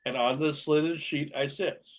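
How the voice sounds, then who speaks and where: A man hosting a casual local radio show, chuckling often and reading tongue twisters out slowly. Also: a little high, fairly even intonation, noisy background.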